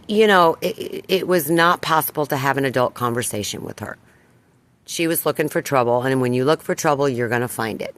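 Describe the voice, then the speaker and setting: An older woman vlogging, retelling a run-in with neighbors in an indignant, emphatic way. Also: rumbling low. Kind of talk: personal storytelling to camera.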